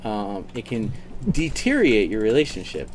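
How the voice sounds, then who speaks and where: A man's voice: lowish voice, sing-song, moderate pace. A man hosting a casual gaming stream, joking around and giving mock-serious lectures. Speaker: streamer host.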